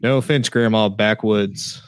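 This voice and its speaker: A man's voice: lowish voice, fairly even intonation, a little slow, no room sound, studio quality. A man from small-town Oklahoma with a Southern accent, co-hosting a podcast and cracking jokes. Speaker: podcast co-host. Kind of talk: casual chat.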